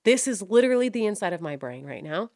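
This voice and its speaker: A woman's voice: mid-range voice, sing-song, fast, darkish tone, no room sound, studio quality. A young woman hosting her own podcast, rambling frankly, swearing often and mocking herself as she loses her train of thought. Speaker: podcast host. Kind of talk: casual rambling monologue.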